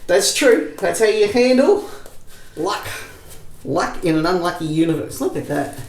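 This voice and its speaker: A man's voice: high-pitched, sing-song, measured pace, vocal fry, echoey room, a little hiss or hum, low-quality recording. A man hosting a casual shaving demonstration, rambling with jokey self-mocking asides. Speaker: shaving video host.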